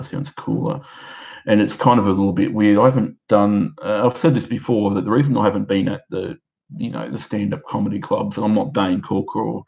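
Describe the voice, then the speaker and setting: A gravelly, fairly low-voiced Australian man in his thirties rambles through a live stream from home. He is halting and self-deprecating, with fillers and restarts everywhere. The sound is dull and lo-fi, like a cheap home setup. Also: dark tone. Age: 30s. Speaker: amateur stand-up comedian. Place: his own house.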